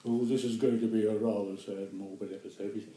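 A man's voice: fairly low pitch, steady tone, brisk, dark tone, echoey room, rough recording. An actor in his eighties with a New Zealand accent, reminiscing in an interview with chuckles and rambling self-corrections. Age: 80s. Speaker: guest actor.

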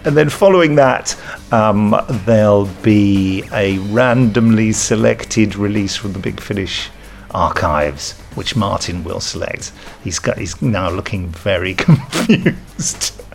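A man hosting a podcast, running through the lineup and teasing his co-host in a brisk way. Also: lowish voice, lively intonation, creaky.

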